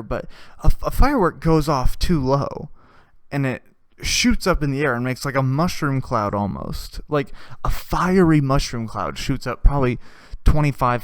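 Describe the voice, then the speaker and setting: A man's voice: medium pitch, dry recording. A man hosting a casual podcast, telling a story with frequent swearing, laughter and hummed tunes. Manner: laughs often and hums tunes while telling stories; swears freely. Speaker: podcast host.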